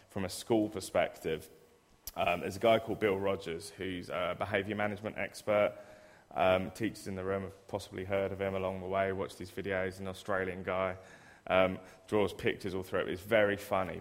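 A man giving a sermon in a church, chatty and self-deprecating, acting out everyday scenes as examples. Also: low voice. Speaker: preacher who works in a school. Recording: reverberant church hall.

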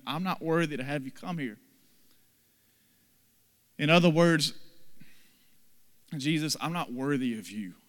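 A man preaching a sermon, dramatically acting out the people in the story with sudden loud and soft swings. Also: on the high side, clear, resonant tone, big-room sound. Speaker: pastor.

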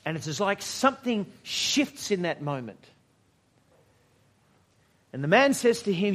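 A man preaching a sermon at a church service, measured and reflective, with dramatic pauses and moments where he drops almost to a whisper. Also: sits high, big pitch swings, fairly bright tone. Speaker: pastor.

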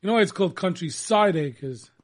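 A man hosting a radio talk show in casual chat, excitable and repeating words for emphasis. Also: high-pitched, brisk.

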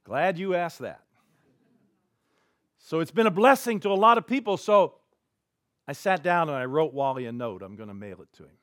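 A man preaching as a pastor, telling a story in an animated way with big swings in loudness. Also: a little high, normal speed, long pauses, no room sound, clean studio sound. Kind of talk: sermon storytelling. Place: church.

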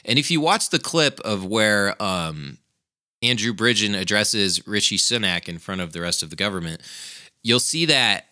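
A man's voice: fairly low pitch, expressive, normal speed, bright, forceful tone. A young man giving a heated, profane casual commentary, peppered with "man" and "dude.".

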